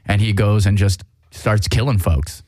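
A man's voice: on the low side, steady tone, unhurried, darkish tone, no echo, studio quality. A man hosting a casual chat, rambling through a movie plot with profanity, fillers and restarts.

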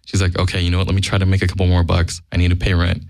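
A man's voice: low-pitched, completely flat delivery, very fast, a little mellow, no echo, studio quality. A man telling a casual, profane anecdote in a blunt way, acting out the quoted lines. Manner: blunt, acts out quoted dialogue. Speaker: guest storyteller.

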